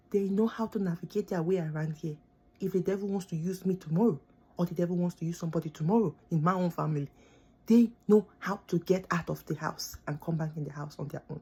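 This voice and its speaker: A woman's voice: mid-range voice, quick pace, warm tone, husky. A young woman, a student born abroad, venting in an impassioned, pleading rant to camera, repeating herself for emphasis. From born outside the country she lives in. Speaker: vlogger. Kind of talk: emotional direct-to-camera rant.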